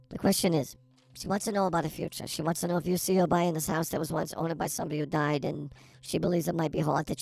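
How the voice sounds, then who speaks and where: A man co-hosting a comedy podcast, reading listener questions slowly with playful teasing. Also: fairly high pitch, vocal fry, dry recording.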